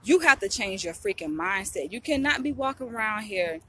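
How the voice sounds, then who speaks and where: A woman's voice: medium pitch, expressive, normal speed, fairly bright tone, a little hiss or hum. A young woman, vlogging to camera in a blunt, preachy way, often asking if you get what she's saying. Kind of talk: casual talk to camera.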